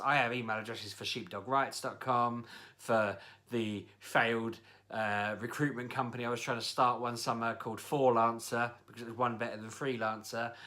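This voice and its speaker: A man's voice: mid-range voice, sharp tone. A man telling a casual, exasperated story, grumbling as he goes. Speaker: vlogger. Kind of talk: casual spoken rant.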